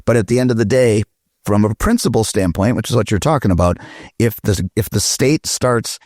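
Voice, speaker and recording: A man's voice: lowish voice, a little fast, darkish tone, no echo, clean studio sound. A man arguing carefully in a podcast roundtable, lawyerly and hedged, with frequent restarts. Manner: reasoned, lawyerly, hedging with restarts. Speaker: podcast guest. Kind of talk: roundtable discussion.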